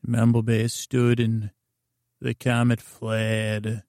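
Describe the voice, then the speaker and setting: A man improvising a rambling bedtime story, halting often with fillers and restarts. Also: mid-range voice, flat delivery, vocal fry, warm tone, dry recording, studio quality.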